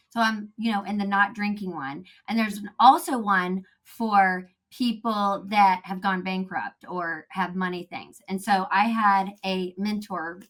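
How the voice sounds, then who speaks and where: A woman talking as a podcast guest, animated and laughing often, acting out quotes in a casual chat. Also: medium pitch.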